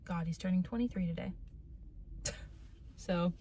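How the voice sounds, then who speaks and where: A woman's voice: lowish voice, a little slow. A woman in her twenties chatting casually on a book vlog, gushing and repeating herself. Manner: gushing, repeats herself, says "dude" and "y'all". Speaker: book vlogger. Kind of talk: casual reading vlog chat. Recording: loud background noise, distant from mic.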